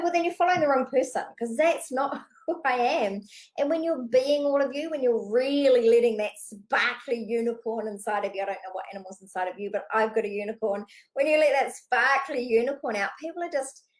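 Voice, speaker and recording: Woman business coach, slightly high voice, rapid animated unscripted delivery, casual and cheeky. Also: rough recording. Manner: fast-talking, animated, casual with swearing. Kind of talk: unscripted direct-to-camera coaching talk.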